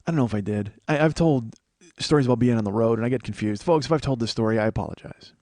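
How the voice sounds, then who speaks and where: A man's voice: medium pitch, fast, darkish tone, no echo. American man, forties, podcast host, rambling profane comedy monologue, dry close sound. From United States. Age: 40s. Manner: rambling, profane and self-mocking.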